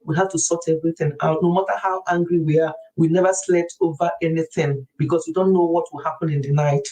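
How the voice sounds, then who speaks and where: A middle-aged woman hosting a wellness show, chatting to a group in a lively, confiding storytelling way. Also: deep voice, fast talker, low-quality recording. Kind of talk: casual chat to a group.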